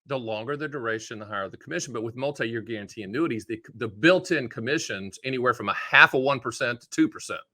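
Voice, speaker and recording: A man hosting his own show about annuities, explaining in a casual, folksy way with joking asides and quick put-on voices. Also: mid-range voice, bright, forceful tone. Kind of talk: casual direct-to-camera explainer.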